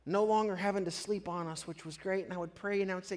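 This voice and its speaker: A pastor preaching a sermon, telling a personal story with earnest honesty and swelling louder as his feelings rise. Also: high-pitched, steady tone, fast talker.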